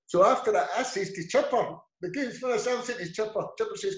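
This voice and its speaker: A man's voice: sits high, a little fast. A middle-aged man with an Edinburgh Scottish accent, a football manager telling rambling anecdotes as an interview guest, acting out the dialogue. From Scotland. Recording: echoey room.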